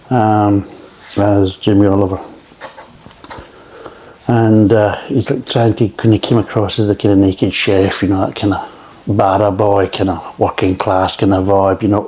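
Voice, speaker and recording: A man with a low, mellow voice reviewing a beer in a loose, rambling chat. He swears freely and wanders off into tangents before coming back to the tasting. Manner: rambling, profane, digressive.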